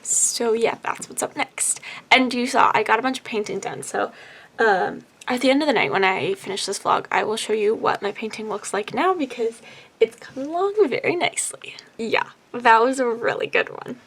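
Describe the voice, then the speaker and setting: A woman's voice: a little high, moderate pace, creaky, fairly bright tone. A young woman in her twenties chatting casually in a book vlog from her bedroom, upbeat and full of "like" fillers. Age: 20s. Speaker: book vlogger. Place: bedroom at home. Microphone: camera on the bed.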